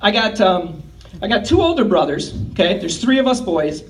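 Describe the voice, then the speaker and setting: A man's voice: high-pitched, big pitch swings, moderate pace. A man in his fifties doing a rambling, crude, self-mocking stand-up comedy set. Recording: distant mic, noisy live room.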